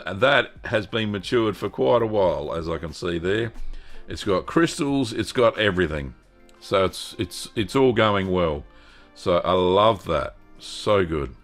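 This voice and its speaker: Slow, deep-voiced Australian man. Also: vocal fry. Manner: relaxed and chatty, with frequent ums and self-corrections. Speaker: host. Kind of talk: live-stream cheese-making chat.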